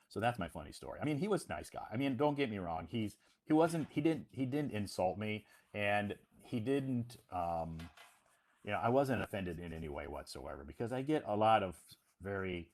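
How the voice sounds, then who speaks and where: A man's voice: fairly low pitch, expressive, normal speed. A man, an English teacher, telling a casual story on a livestream in a rambling way with many fillers and restarts.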